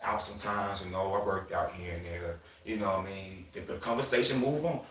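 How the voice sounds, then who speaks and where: A man with a lowish voice holds forth on a livestream, rambling and swearing freely, and often stumbles and starts his sentences over. The room around him rings with a noticeable echo. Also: fairly quick, hardly any pauses, fairly bright tone. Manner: rambling, profane, full of asides. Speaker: livestream host. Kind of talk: casual livestream rant.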